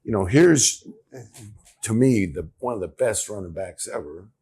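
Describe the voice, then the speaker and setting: A man in his sixties from California, a guest telling animated stories in a casual interview, laughing often. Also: on the low side, measured pace, breathy edge. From California, USA. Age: 60s. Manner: animated storyteller, laughs often, acts out quotes. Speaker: interview guest, former pro football player.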